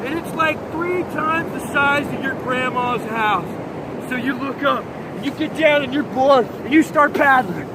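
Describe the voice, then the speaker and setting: A man doing a comedic surfer monologue, rambling in surfer-bro slang and acting out his story with loud sound effects and yells. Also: very high-pitched, a little slow, very noisy. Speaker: comedic host. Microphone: phone.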